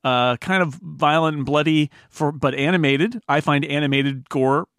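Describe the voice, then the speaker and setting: A man's voice: a little high, normal speed, fairly bright tone, no room sound, studio quality. A man hosting a podcast in casual chat, enthusiastic, laughing often and restarting his sentences. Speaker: podcast host.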